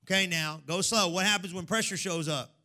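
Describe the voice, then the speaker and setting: A man preaching a sermon in a church, calling out to the congregation and swinging between hushed, intense stretches and loud, sing-song exhortation. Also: high voice, a little fast. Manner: call-and-response preaching, swings from hushed to shouting. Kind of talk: energetic sermon.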